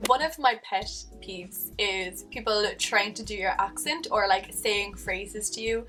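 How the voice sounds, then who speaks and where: A young woman with a Cork Irish accent, talking casually to camera in an animated, chatty way. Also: moderate pace, few pauses, recorded from a distance, faint music behind. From Ireland. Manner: chatty, animated, acts out quoted voices with jumps in pitch. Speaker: vlogger.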